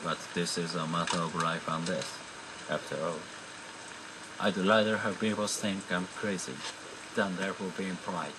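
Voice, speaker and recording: A wary, blunt male survivor from a video game, voiced by a man. His voice sits very low and deep. The line comes through a noisy game audio capture with a hiss behind it. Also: steady tone, normal speed, close to an everyday voice. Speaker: game character. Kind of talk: dubbed video game dialogue.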